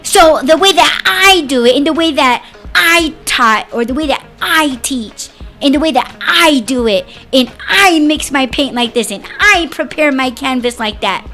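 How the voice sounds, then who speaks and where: A woman's voice: high-pitched, expressive, a little slow, pushed and bright, faint music behind, voice pushed up, full character voice. A woman mimicking a boastful, condescending older woman art teacher who lectures in long run-on sentences.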